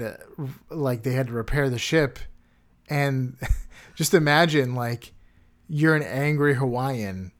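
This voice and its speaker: Guy hosting a podcast, casual rambly storytelling, tons of "like", dry little puns, regular mid voice. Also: medium pitch. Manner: loose storytelling with many "like" fillers, dry wordplay. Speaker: podcast co-host presenting facts and quiz. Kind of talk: casual chat.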